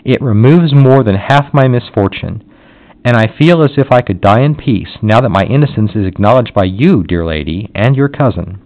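A man reading the lines of a condemned young servant woman, gentle and resigned. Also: on the low side, animated, normal speed. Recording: dull lo-fi audio.

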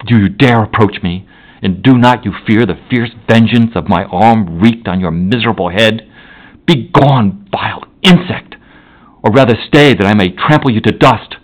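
A man voicing an enraged, horrified young male scientist in a dramatic audiobook reading, declaiming loudly with a raised voice. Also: fairly low pitch, normal speed, pitched above the performer's own voice, lightly acted, rough recording. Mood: furious.

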